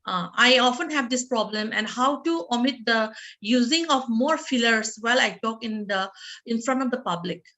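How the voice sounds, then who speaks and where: A woman's voice: fairly high pitch, expressive, normal speed, bright, forceful tone. A woman, a webinar participant asking hesitantly with fillers about public speaking.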